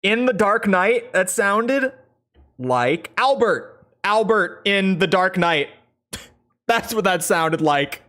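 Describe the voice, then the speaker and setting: Woman streamer, casual chat, unhurried delivery, keeps correcting herself. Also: deep voice, expressive, a bit bright. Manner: rambling, self-correcting, chatty. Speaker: game streamer.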